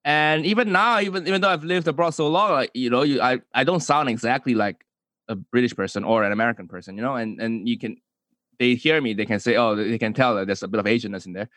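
A comedian and YouTuber from Malaysia answers questions in a relaxed interview, sounding hesitant with many small restarts and fillers. He talks fast at an ordinary middle pitch, recorded dry and close with no room sound.

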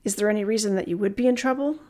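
A woman reading the lines of a measured, reassuring young police officer in a storybook. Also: mid-range voice, a little mellow, lightly acted. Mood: calm. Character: calm, kind young policewoman.

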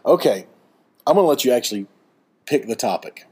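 A man in his forties hosting a casual podcast chat, relaxed and rambling with frequent chuckles. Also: mid-range voice, a little fast, husky. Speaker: podcast host. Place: beach vacation home.

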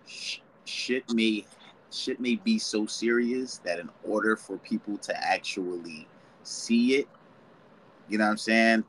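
A man with a very low voice and a bright, forceful edge, talking loosely in slang on a podcast. He rambles through ideas and acts out quotes in other voices. Faint noise sits under the recording. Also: rough recording. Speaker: podcast co-host. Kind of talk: casual chat.

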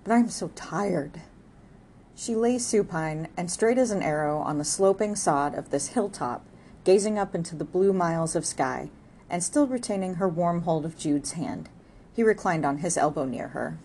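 A woman's voice: fairly low pitch, expressive, normal speed, mellow, a little hiss or hum. Woman reading a classic novel aloud. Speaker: audiobook narrator. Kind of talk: scripted narration.

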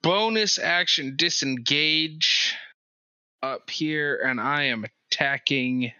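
A very bright, slow-talking player works through each turn of the tabletop game and chuckles between rolls. The mic sounds dull and lo-fi, with a dry, close feel. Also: mid-range voice, clean tone, dry recording. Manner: unhurried, laughs between turns. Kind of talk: casual tabletop game talk.

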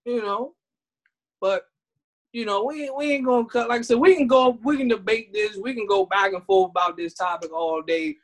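Woman, podcast co-host, casual chat, animated, mimics other people's voices. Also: on the high side, moderate pace.

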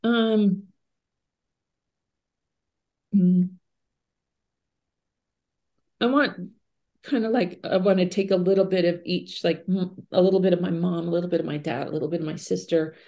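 A woman's voice: lowish voice, fairly even intonation, measured pace, long pauses, mellow, highs cut off. A middle-aged woman, a podcast guest, telling personal stories in an earnest, conversational way with casual fillers. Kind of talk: reflective personal storytelling.

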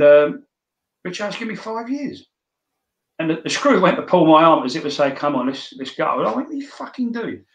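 A man's voice: fairly high pitch, vocal fry, fairly bright tone, highs cut off. A middle-aged man, telling his story as a guest in a casual, blunt way, swearing often and stumbling over restarts. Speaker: interview guest. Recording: echoey room.

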